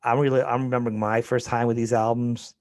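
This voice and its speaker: A male podcast host who talks fast and rambles through his thoughts with plenty of enthusiasm. The sound is dry and close, as if he is recorded in a small treated room. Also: mid-range voice, level tone, no echo. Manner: rambling, enthusiastic, quick to laugh. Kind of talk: casual chat.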